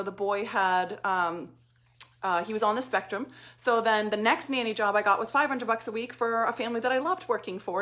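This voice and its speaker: A woman coach speaks in a slightly high voice. She tells her own story in a loose motivational talk and keeps slipping into quick acted-out asides. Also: a bit bright. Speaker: business coach.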